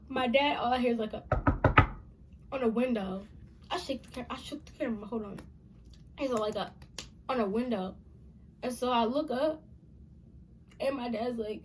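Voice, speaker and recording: High-voiced young woman, dramatic storyteller. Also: moderate pace, pauses often, slight background noise. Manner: dramatic, acts out her own childhood voice, many "like" fillers. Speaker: storytime vlogger. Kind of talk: animated storytelling.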